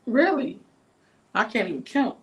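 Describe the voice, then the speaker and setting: Animated, profane D.C. woman. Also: a little high, a little slow. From Washington, D.C. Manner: animated, profane, acts out quotes. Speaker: livestream host. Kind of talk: casual livestream chat, storytelling.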